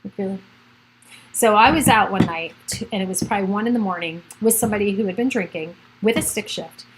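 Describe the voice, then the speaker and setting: A woman's voice: mid-range voice, fast, a little hiss or hum, rough recording. A middle-aged woman, a realtor hosting a casual livestream from home, chatting in a rambling way and laughing often. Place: at home by a computer.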